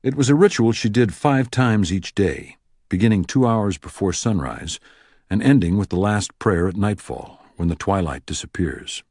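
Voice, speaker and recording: A man narrating an audiobook thriller with expressive storytelling. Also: on the low side, normal speed, breathy edge, dry recording, clean studio sound. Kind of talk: scripted narration.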